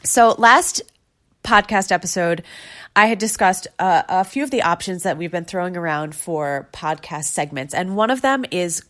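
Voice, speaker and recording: A woman's voice: fairly low pitch, expressive, moderate pace, a bit bright. A woman in her thirties from New York hosting her own podcast, chatting and gushing as she retells stories. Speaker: podcast host. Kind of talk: casual solo podcast chat.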